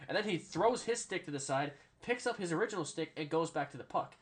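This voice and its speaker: A man's voice: on the high side, expressive, quick pace. A man hosting a casual sports podcast, rambling through stories, often adding "all right?" and swearing freely. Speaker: podcast host.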